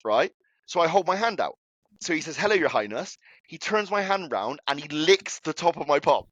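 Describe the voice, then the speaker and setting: A man's voice: a little high, a little fast, dry recording. A young man telling a story in casual chat, swearing freely as he talks. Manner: swears a lot, animated anecdote telling. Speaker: podcast co-host.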